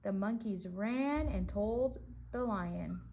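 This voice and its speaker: Slow, gentle woman reading a picture book. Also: medium pitch, a little hiss or hum. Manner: pauses to ask children questions. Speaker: preschool teacher.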